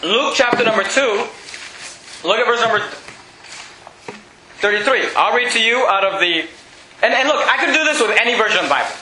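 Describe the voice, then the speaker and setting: A man's voice: sits high, animated, a little fast, long pauses, sharp tone, a little hiss or hum. A male pastor preaching an emphatic, mocking sermon, quizzing his congregation. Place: church hall with congregation. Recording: echoey church hall.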